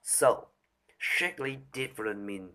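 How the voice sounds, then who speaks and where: A man reciting a speech from memory, halting and restarting often as he stumbles over words. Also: medium pitch, bright, forceful tone. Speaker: speaker rehearsing a talk on voice.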